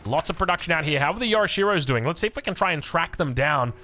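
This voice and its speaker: An Australian man giving energetic, jokey commentary on a strategy game match. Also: fairly high pitch, fast talker. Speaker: game caster. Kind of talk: excited esports commentary.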